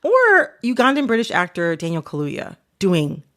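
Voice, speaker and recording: A woman's voice: mid-range voice, moderate pace. A woman hosting a podcast, chatting casually and animatedly with lots of "like"s. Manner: casual and animated, many filler "like"s. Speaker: podcast host. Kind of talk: conversational podcast chat.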